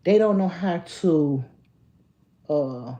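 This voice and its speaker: A woman's voice: takes it slowly, dull audio. Chatty woman livestreaming. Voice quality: lively, jumps to high excited calls. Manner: chatty, talks straight to her viewers. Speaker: livestream host. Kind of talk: casual livestream chat.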